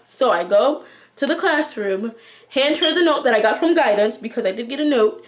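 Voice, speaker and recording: A young woman vlogger recounts a school drama to her viewers in a casual, chatty storytime. Her voice sits slightly high, and she acts out what everyone said with lively asides. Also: moderate pace. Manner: chatty, animated retelling with acted-out quotes. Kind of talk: storytime vlog.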